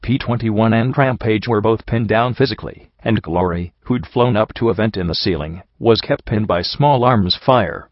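A man narrating an audiobook story in a steady, even storytelling manner. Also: on the low side, moderate pace, few pauses, no echo, muffled recording. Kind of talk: audiobook narration of fan fiction.

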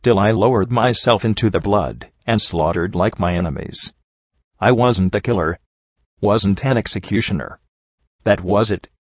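A man narrating a dark first-person story in a grim, intense, dramatic reading. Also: lowish voice, normal speed, no room sound. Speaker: audiobook narrator. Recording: dry, dull lo-fi recording.

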